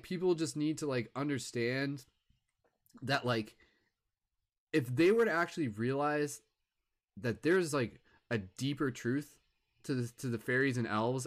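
A man's voice: fairly high pitch, a bit bright. A young man doing improvised stand-up at an open mic, rambling with lots of filler words and restarts. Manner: heckles himself in a mock crowd voice.

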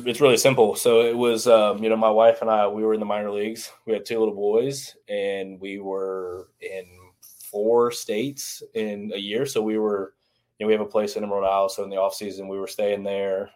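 A man in his thirties answers interview questions in an earnest, reflective way. His voice sits very low. He speaks in an even, level tone. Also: normal speed. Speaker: baseball trainer and former strength coach. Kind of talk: casual interview talk.

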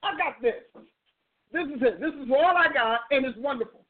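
A woman hosting a talk show, preaching bluntly and emphatically with no soft tone, exhorting her listeners. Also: high voice, moderate pace. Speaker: talk show host and minister. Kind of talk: preaching call-in style talk. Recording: narrow phone-like audio.

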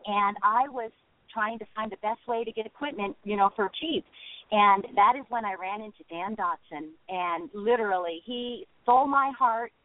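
A woman's voice: mid-range voice, no room sound. A chatty woman telling a long story, laughing as she goes. Her voice comes through a tinny, phone-like line, close and dry. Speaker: auctioneer guest. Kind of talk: casual phone interview.

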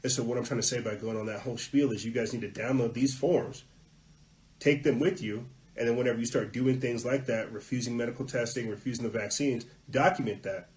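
Man, podcast host, mid-range voice, ranting, swings quiet to loud, swears. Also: mid-range voice, fairly even intonation, fairly quick, a little hiss or hum, poor audio. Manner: heated, ranting, swings between muttering and loud emphasis; profane at peaks. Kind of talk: political podcast rant.

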